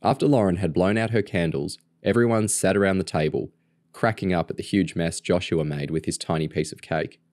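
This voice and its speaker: Deep-voiced man reading a novel aloud. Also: brisk, darkish tone, dry recording, clean studio sound. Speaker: audiobook reader. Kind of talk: storybook narration.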